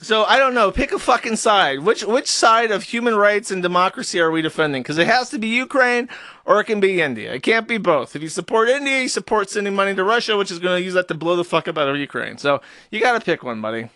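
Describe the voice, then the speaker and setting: A man's voice: high-pitched, animated, fast talker, pushed and bright, no echo. A man hosting a live stream, ranting with sarcastic, profane commentary. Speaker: streamer host.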